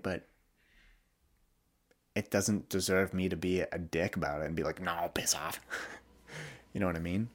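Very low-voiced man, candid podcast talk. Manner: candid, reflective, with frequent restarts and laughs. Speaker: podcast host. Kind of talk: solo podcast monologue.

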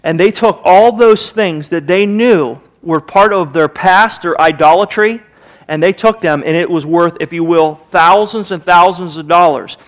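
A man with a Midwestern American accent preaches from the pulpit in a high, bright register. He is emphatic and conversational and slips into little acted-out quotes as he speaks to the congregation. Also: measured pace. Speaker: pastor. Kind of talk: sermon. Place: church sanctuary.

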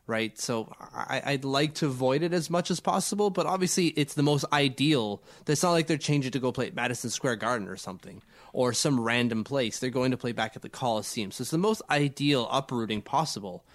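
A man co-hosting a casual sports podcast, getting over a cold and talking in rambling, stammering restarts. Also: medium pitch. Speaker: podcast co-host.

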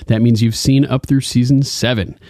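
A man's voice: medium pitch, fairly even intonation, moderate pace, dark tone, dry recording, studio quality. A man co-hosting a podcast in casual chat, playful and adding wry quips. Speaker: podcast co-host.

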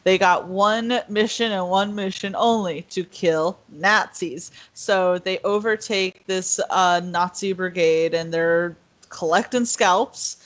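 A woman co-hosting a casual podcast who retells scenes with lively voices, full of fillers. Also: fairly low pitch, slow. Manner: animated storyteller, acts out scenes. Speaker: podcast co-host. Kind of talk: casual chat. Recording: slightly dull, muffled audio.

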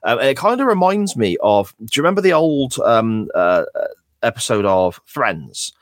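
A man's voice: medium pitch, big pitch swings, normal speed, dry recording, clean studio sound. A man co-hosting a podcast in casual chat, blunt, jokey and opinionated. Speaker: podcast co-host.

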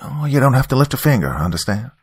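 A man's voice: mid-range voice, big pitch swings, fast, slightly rough, no room sound, studio quality, pitched above the performer's own voice. A man voicing an elderly country reverend with a strong rural Southern accent, folksy and overly welcoming. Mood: folksy welcome. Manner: chuckling, folksy, hospitable.

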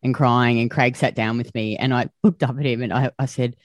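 A woman's voice: rumbling low, fairly even intonation, fairly quick, no echo. A woman podcast host talking candidly and openly, full of fillers and casual swearing. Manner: chatty, swears freely, many "like" fillers. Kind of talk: candid conversational chat.

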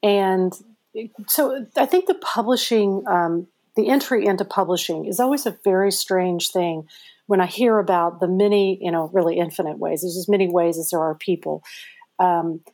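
A middle-aged woman, an author being interviewed, telling her story in a chatty, animated way with many fillers. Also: mid-range voice. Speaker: author guest. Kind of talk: conversational interview answers.

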